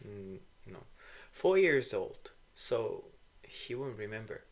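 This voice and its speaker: A man co-hosting a podcast, chatting casually and answering in short, quiet remarks and questions. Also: fairly low pitch, big pitch swings, slow. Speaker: podcast co-host. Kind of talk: casual chat.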